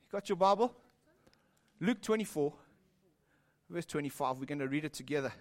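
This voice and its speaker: A middle-aged man, preaching a sermon, telling lively stories and swinging between loud and hushed delivery. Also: fairly high pitch, normal speed. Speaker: pastor.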